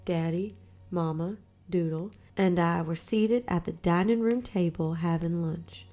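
A woman with a slightly low voice reads a literary story aloud. Her delivery is quiet and measured, and she gives the characters' lines a light touch. Faint music plays beneath her. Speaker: narrator. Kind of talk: storybook reading.

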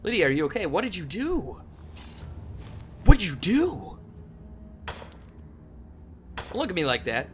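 A young man hosting a game play video, talking to viewers in a goofy way and breaking into loud yelps and yells. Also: fairly high pitch, big pitch swings, fast, a little hiss or hum. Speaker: gaming channel host. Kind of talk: let's play commentary. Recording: game music playing softly behind.

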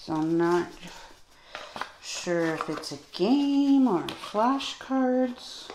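A woman's voice: medium pitch, animated, extremely slow. A woman vlogger unboxing toys in casual commentary, musing to herself and gasping with delight at her finds. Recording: echoey room with clear background noise.

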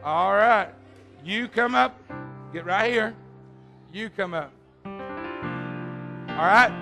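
A man preaching at a youth camp service, loud, coaxing and teasing as he runs games with the crowd. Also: high-pitched, takes it slowly, creaky, long pauses, faint music behind. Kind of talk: lively youth service sermon with audience games.

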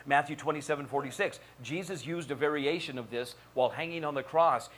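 A man's voice: fairly high pitch, expressive, fairly quick, few pauses, fairly bright tone. A male pastor preaching a sermon in a church, building to repeated calls and questioning the congregation. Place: church sanctuary.

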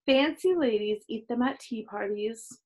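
A woman reading a children's book aloud, voicing a prissy, showy second-grade girl in a high, whiny, dramatic voice. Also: a little slow, darkish tone. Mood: showing off.

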